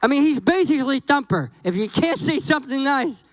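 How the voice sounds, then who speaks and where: A guest pastor preaches a sermon in an animated, jokey way, acting out conversations with God and Moses. His voice is high and fairly quick, recorded with poor audio and no echo.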